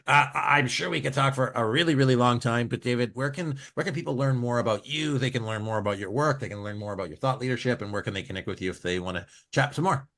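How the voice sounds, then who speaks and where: A man hosting a business podcast, asking questions in a relaxed, casual way that is full of fillers. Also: medium pitch, quick pace, gravelly, hardly any pauses. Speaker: podcast host. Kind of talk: interviewing, casual.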